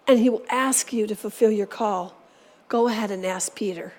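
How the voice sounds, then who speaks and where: A woman's voice: mid-range voice, normal speed. A woman preacher giving a sermon in a church, speaking earnestly and urging her listeners on. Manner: earnest, exhorting.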